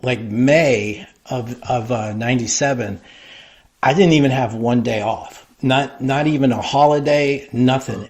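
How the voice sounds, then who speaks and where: A middle-aged man, a guest in an interview, telling long stories in a loose, animated way full of fillers. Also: medium pitch, measured pace. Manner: rambling, animated anecdote telling with many fillers. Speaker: interview guest, wrestling creative. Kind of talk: casual storytelling interview.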